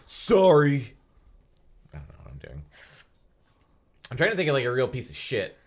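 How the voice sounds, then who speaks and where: A man's voice: medium pitch, huge pitch swings, fast, a bit bright, husky. A man co-hosting a comedy podcast, reading a novel aloud between sarcastic, profane asides.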